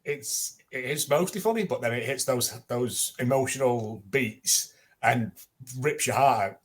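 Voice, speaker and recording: A man's voice: mid-range voice, a little slow. A man co-hosting a casual podcast chat, talking easily and often laughing as he speaks. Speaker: podcast co-host.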